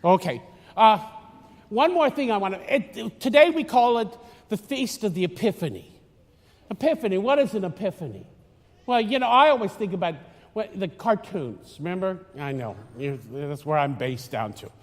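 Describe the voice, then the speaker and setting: A man's voice: high voice, very animated, normal speed. A man giving a chatty, teasing homily as a priest, rambling with many restarts, recorded in a church. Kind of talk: conversational homily. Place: church in Florida. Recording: long church reverb.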